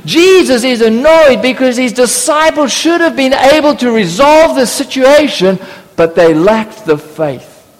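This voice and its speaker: A man's voice: extremely high pitch, lively intonation, a little slow. A man preaching a sermon, acting out biblical voices with humorous asides. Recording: long reverb of a church hall.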